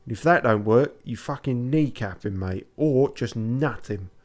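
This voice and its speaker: A man's voice: medium pitch, expressive, measured pace, a little mellow, natural voice. A man voicing a haughty, fiery young Venetian woman in a Cockney accent, scornful and cursing.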